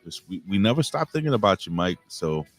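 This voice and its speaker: A man's voice: deep voice, sing-song, brisk, faint music behind. A middle-aged man hosting a wrestling review stream, rambling casually, swearing and greeting viewers in the chat. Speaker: wrestling review show host.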